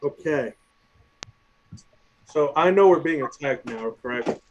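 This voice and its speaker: A man's voice: on the high side, lively intonation, takes it slowly, muffled recording, slight background noise. A man playing a tabletop game, chatting casually with loose, laughing asides. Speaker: player.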